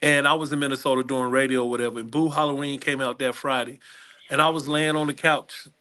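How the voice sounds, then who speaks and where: A man's voice: mid-range voice, fairly even intonation, fast, sharp tone. A man who is a comedian guest on a podcast, animatedly telling stories and acting out other people's voices over a video call. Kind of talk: podcast interview storytelling.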